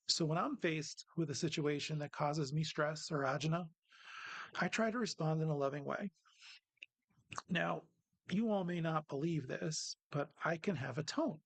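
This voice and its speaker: Gravelly husky man giving a reflection. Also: fairly high pitch, measured pace, dry recording. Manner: earnest, personal, self-deprecating. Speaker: lay speaker giving a reflection. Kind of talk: worship service reflection.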